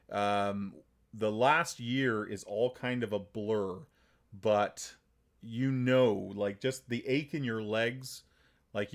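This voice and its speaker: A man narrating a tabletop game as game master, halting and full of fillers. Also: on the low side.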